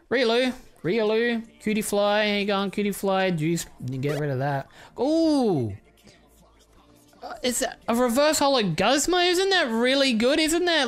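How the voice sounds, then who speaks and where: A man giving casual, crude commentary while opening trading card packs, excitable and swearing often. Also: high voice. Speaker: YouTuber.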